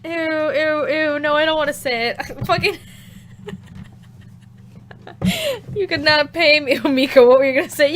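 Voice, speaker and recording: A woman's voice: high-pitched, slight background noise. A woman streamer chatting casually while playing a game, giggly, crude and rambling. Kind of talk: casual gameplay chat.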